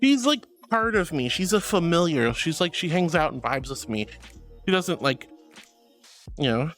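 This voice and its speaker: Reading his chat aloud on a casual livestream, this man calls viewers sweetie and honey and calls himself a yapper. His voice sits on the high side with big pitch swings, a moderate pace and slight brightness, over soft background music, and he's chatty and apologetic.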